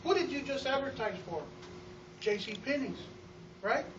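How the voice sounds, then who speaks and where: A man giving an energetic testimonial to a live audience about running his store, telling stories with acted-out quotes and often repeating words. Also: extremely high pitch, moderate pace, background noise. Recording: roomy, distant, dull sound.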